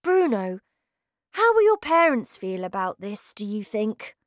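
A woman voicing a calm, sensible young boy turned into a mouse, speaking patiently in a storybook reading. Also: mid-range voice, a little slow, dry recording, studio quality. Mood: reassuring.

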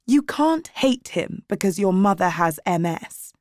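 A woman's voice: medium pitch, animated, a little slow, a little mellow, no room sound, studio quality, natural voice. A woman voicing a prim, reproachful soon-to-be stepmother in a storybook reading.

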